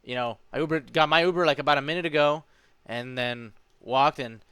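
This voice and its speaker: A man's voice: on the high side, brisk, a bit bright, smooth, no room sound. A man in his twenties telling a story in a casual vlog, rambling along with lots of fillers and calling the listener dude and man. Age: 20s. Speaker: vlogger.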